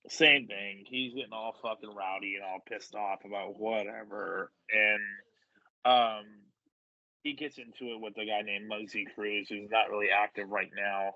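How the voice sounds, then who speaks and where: A man's voice: lowish voice, steady tone, normal speed, dry recording, highs cut off. A man telling wrestling stories in casual chat, swearing freely and acting out what people said. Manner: profane, acts out voices in quotes. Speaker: wrestler guest.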